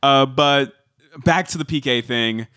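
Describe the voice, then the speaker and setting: A man's voice: medium pitch, measured pace, pushed and bright, clear, resonant tone. Chatty male podcast co-host. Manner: chatty, hedging with likes and ums. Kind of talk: casual reality-TV recap chat.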